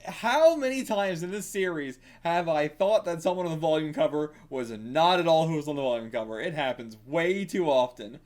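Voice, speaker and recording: A man giving casual reaction commentary while reading manga, excitable and thinking aloud, with frequent swearing. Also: on the high side, normal speed, hardly any pauses.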